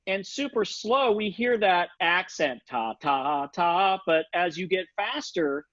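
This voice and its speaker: Male saxophone instructor, relaxed, scats to demonstrate, dry close sound over a lo-fi video call. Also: high-pitched, a little slow, dry recording. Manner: casual, sings rhythms and articulations with scat syllables. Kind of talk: online music lesson. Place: home setup for a virtual session. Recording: dull lo-fi video call audio.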